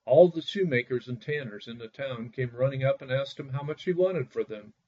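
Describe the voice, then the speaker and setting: A man narrating a bedtime fairy tale in a lively reading, putting on voices for the characters, on a dull lo-fi recording. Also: medium pitch, fairly quick. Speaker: storyteller.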